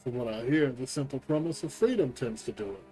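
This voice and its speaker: Man voicing low-born soldier, folksy, chatty, easygoing, warm mellow tone. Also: lively intonation, brisk, soft background music, close to an everyday voice, poor audio.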